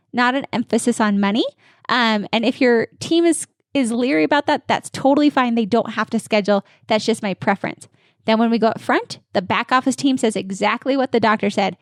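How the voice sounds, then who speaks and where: A woman dental practice consultant giving energetic, confident coaching answers in an interview. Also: fairly high pitch, a little fast, no echo, studio quality.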